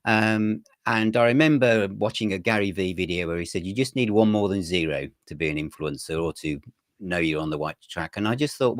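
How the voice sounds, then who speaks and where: A man, a magazine editor, chatting as an interview guest and telling his story in a relaxed, rambling way. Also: deep voice, moderate pace, no echo, clean studio sound. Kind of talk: casual interview chat.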